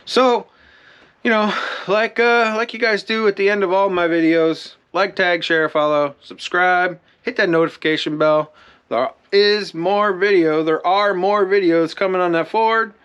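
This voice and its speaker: A man talks through a how-to in a loose, rambling way, full of fillers and restarts. He sounds a bit winded. His voice sits a touch higher than most men's. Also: a little slow, fairly bright tone, smooth, muffled recording. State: out of breath. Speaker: DIY channel host. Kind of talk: casual how-to talk to camera.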